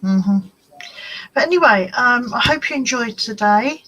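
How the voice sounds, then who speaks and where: Woman, live-stream chat, rambling and chatty, unhurried pace. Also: fairly high pitch, expressive, fairly bright tone, lo-fi sound. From United Kingdom. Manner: rambling, chatty, talks to commenters by name. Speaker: craft channel host. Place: at home.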